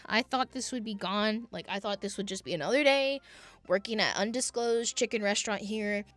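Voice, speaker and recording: Young woman vlogging a fast food story, lively and dramatic, dry close mic, faint music under it. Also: no room sound. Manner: animated, dramatic retelling with sudden pitch jumps and mock voices. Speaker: vlogger telling a work story. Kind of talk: casual storytelling to camera.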